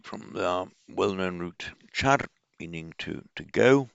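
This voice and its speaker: Man, lecturer, deep gravelly voice, halting delivery, dry muffled recording. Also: lively intonation, a bit bright, no echo. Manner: slow, halting, many fillers and restarts. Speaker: teacher of Pali and Buddhist texts. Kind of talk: informal explanatory lecture. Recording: dull, muffled lo-fi sound.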